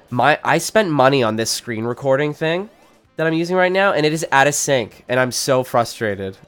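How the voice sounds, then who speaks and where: A man's voice: medium pitch, fairly bright tone, smooth. Exasperated laughing male streamer. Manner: exasperated, laughs often, whiny dramatic complaints. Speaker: live streamer. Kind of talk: casual live gameplay commentary.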